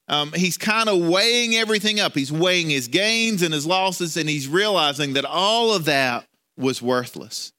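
A man's voice: high-pitched, pushed and bright. A man preaching a sermon in a conversational way, often repeating words and restarting as he tells a story. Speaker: pastor.

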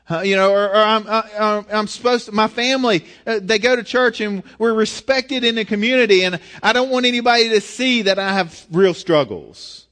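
A man's voice: high-pitched, moderate pace, few pauses, fairly bright tone. A man preaching a sermon in an earnest, conversational way, often restarting his sentences. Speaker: pastor.

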